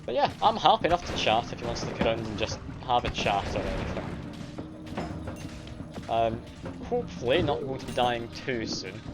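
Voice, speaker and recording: A man's voice: medium pitch, very animated, normal speed, over music. Chatty Scottish man streaming a game. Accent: mild Scottish. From Scotland. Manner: self-deprecating, chatty, reads and answers chat. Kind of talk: casual live-stream chat while playing.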